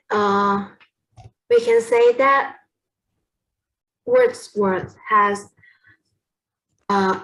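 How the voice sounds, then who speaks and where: A young woman with a Vietnamese accent presents a poetry lesson at a slow, careful pace. She is hesitant, pausing on fillers and stopping to correct herself, and her pitch sits mid-range. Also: a bit bright, poor audio.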